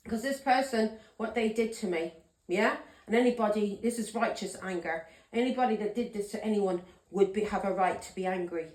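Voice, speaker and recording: A woman's voice: a little high, moderate pace, reverberant. A woman giving a tarot reading vlog, a blunt, ranting straight talker who swears freely. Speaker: tarot reader.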